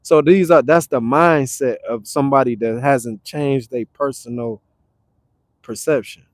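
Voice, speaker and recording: A man from Detroit talking casually on a livestream, animated and repetitive, breaking into loud acted retorts. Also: medium pitch, unhurried, no room sound. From Detroit, Michigan. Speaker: livestream host. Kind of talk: casual motivational livestream talk. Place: now staying in Arizona.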